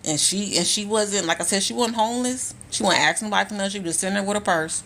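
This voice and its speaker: A woman's voice: medium pitch, quick pace, fairly bright tone, a little hiss or hum. A woman telling stories casually on a phone live stream, blunt, profane and repeating herself for emphasis. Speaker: spiritual content creator. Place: indoors at home on a live stream.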